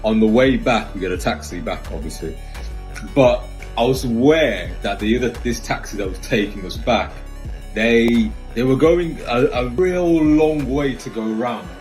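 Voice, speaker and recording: A man telling a story in a casual, slangy, animated way, vlog style. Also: mid-range voice, moderate pace. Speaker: vlogger. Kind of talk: storytime monologue. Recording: roomy echo with faint music.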